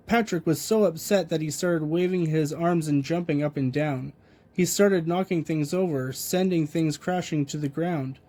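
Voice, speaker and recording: A man narrates a children's picture book in a gentle, even way. His voice is mellow and sits a little high for a man. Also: normal speed. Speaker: storybook reader. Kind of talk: reading a children's story aloud.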